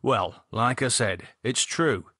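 A man voicing a calm, sardonic man who talks in a wry, teasing, level-headed way, with a husky voice. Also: medium pitch, takes it slowly, dry recording, clean studio sound, full character voice. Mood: matter-of-fact.

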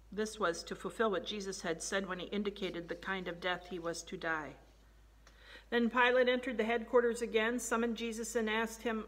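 A woman's voice: fairly high pitch, steady tone, moderate pace, fairly bright tone. A woman giving a dramatic scripture reading, raising her voice for the quoted lines. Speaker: scripture reader. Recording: long reverb of a large hall.

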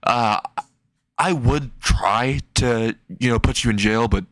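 Tired male teacher, put on by a male storyteller, slow and halting. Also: medium pitch, a bit bright, no room sound, clean studio sound. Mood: weary. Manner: hesitant, full of uhs.

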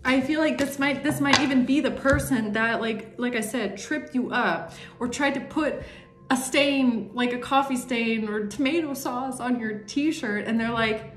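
A woman's voice: a little high, a little slow, a bit bright. A woman doing a casual tarot reading, talking emphatically and acting out what other people think. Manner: chatty, emphatic, acts out imagined people's thoughts. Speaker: tarot reader. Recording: roomy echo with faint music.

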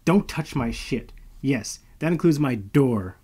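A man voicing a foul-mouthed, hot-tempered young female vampire who snaps and curses loudly. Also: mid-range voice, normal speed, close to an everyday voice. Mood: furious. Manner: snappy, cursing, loud outbursts.

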